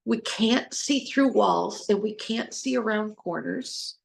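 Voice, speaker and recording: A woman's voice: medium pitch, takes it slowly, gravelly. A woman hosting an informal talk on trauma recovery, earnest and rambling, who spells words out and restarts her sentences. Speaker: host, trauma recovery speaker. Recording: echoey room.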